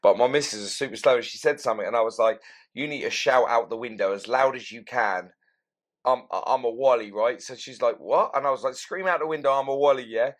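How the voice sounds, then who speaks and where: A man's voice: mid-range voice, fairly quick. A man, talking frankly in a casual podcast chat and swearing freely.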